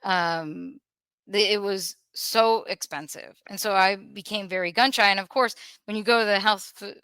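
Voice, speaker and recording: A woman telling a painful personal story in an emotional, earnest way, pausing and restarting as she holds back tears. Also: medium pitch, a bit bright, clean tone, no room sound. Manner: earnest, halting, with restarts and pauses. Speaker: podcast guest sharing a personal story.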